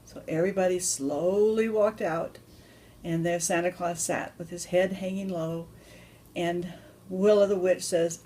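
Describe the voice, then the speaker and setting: A woman's voice: on the low side, steady tone, unhurried, warm tone. A woman telling an improvised story to children, loose and chatty with restarts.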